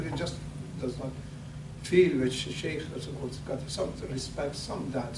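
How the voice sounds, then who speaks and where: Older man preaching in an echoey hall. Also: fairly high pitch. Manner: halting, repeats words and restarts, rises for emphasis. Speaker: imam. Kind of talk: pre-sermon talk. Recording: echoey hall, distant mic, faint hum.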